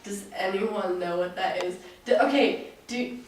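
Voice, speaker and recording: A woman's voice: mid-range voice, measured pace, a little hiss or hum. A teenage American girl with a Midwest accent chatting casually as a guest and breaking into bits of songs with a giggle. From United States. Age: teens. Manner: giggly, sings snatches of songs. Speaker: exchange student guest. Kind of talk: casual chat with singing. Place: classroom. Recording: echoey room, mic far off, guitar behind.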